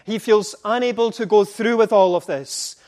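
A man with a high-pitched voice preaching a sermon. He retells scripture as vivid dialogue, rising into impassioned declaration and then sinking to near-whispered intimacy. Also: normal speed. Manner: dramatic retelling with impassioned dialogue, dropping to hushed tones.

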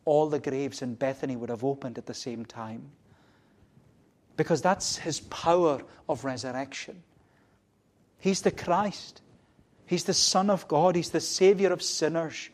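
This sermon moves at normal speed, alternating between hushed, low stretches and loud, forceful ones. The preacher keeps returning to key phrases.

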